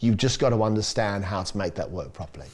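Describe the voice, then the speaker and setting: Animated Australian man telling stories. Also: fast talker. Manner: animated storyteller, acts out quotes with big pitch jumps. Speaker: chef guest. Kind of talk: casual podcast chat.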